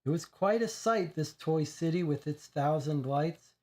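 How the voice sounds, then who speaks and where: Guy with a slightly high voice reading a crime dossier out loud, steady with little slips. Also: measured pace. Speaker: game player reading aloud. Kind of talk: reading a crime dossier aloud, then casual commentary.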